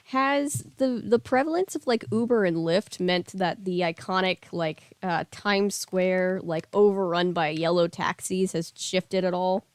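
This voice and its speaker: A woman's voice: on the low side, unhurried, hardly any pauses, clean tone, no room sound. A woman hosting a casual read-aloud, breaking off into rambling, chatty asides full of fillers. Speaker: book reading host.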